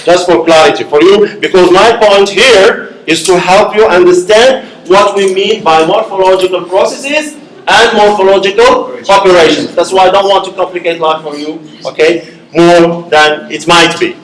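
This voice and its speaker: A man's voice: high voice, moderate pace. A man giving a university linguistics lecture, explaining step by step and checking in with the class with frequent "okay?" and "right?". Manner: explains step by step with many okays and rhetorical checks. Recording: echoey classroom.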